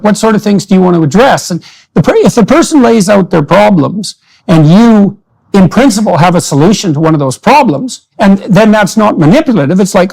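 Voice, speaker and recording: A man's voice: high-pitched, expressive, fairly quick, creaky, darkish tone, rough recording. A man hosting a long-form conversation, explaining ideas in long, winding sentences. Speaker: podcast host.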